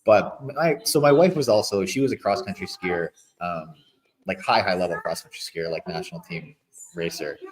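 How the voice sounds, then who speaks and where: A guest athlete in his thirties rambles casually through an interview, leaning heavily on "like" as filler. His voice sits low and moves at a moderate pace. The audio quality is poor.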